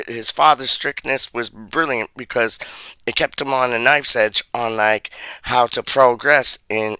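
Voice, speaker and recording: A man's voice: medium pitch, pushed and bright, smooth, no room sound. Slangy man ranting about football. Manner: slangy, rambling, repeats himself, says "dog" a lot. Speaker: livestream host reading chat. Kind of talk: casual football chat.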